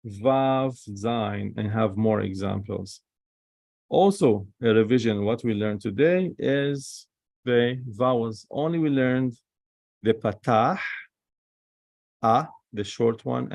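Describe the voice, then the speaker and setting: A man teaches a recorded Hebrew lesson in a slow, deliberate way, saying each letter and sound over again for the learner. His voice sits fairly low and has a gravelly edge. The sound is dry and close, with no room echo. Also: darkish tone.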